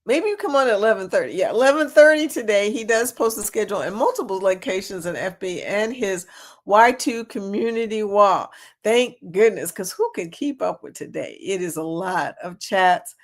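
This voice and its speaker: A woman's voice: medium pitch, animated, moderate pace. Woman, livestream host, chatty, laughs a lot, reads chat aloud. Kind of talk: casual live chat.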